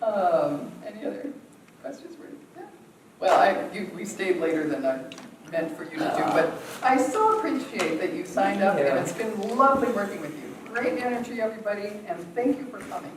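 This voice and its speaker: In a theatre workshop room, an American woman teaching acting fields questions casually, chatting with many fillers and laughing often. She has a mid-range voice with lively intonation and a moderate pace. The audio sounds roomy and distant, with a bit of faint noise.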